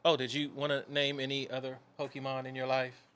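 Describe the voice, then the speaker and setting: A man's voice: mid-range voice, completely flat delivery, fairly quick, fairly bright tone. A man co-hosting a pop culture podcast, wry and exasperated as he reads out stats. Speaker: podcast co-host. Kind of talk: casual chat.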